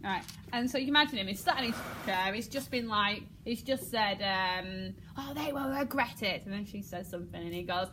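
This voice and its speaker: An English woman teaching a drama lesson, acting out lines with sudden shouts and laughing often. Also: medium pitch, normal speed, few pauses, slight background noise.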